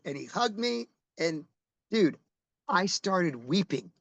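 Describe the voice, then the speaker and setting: A man's voice: sits high, expressive, unhurried, gravelly, fairly bright tone, dry recording, rough recording. A middle-aged man, a rock musician, telling stories in a casual interview, rambling and restarting as he goes and swearing casually.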